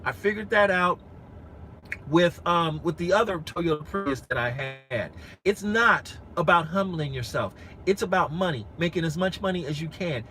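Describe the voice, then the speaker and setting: A man's voice: a little high, normal speed, bright, forceful tone, slight background noise, low-quality recording. A man in his forties chatting frankly and earnestly with live-stream viewers from inside a rented SUV, repeating himself and restarting often. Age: 40s. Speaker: rideshare driver vlogger.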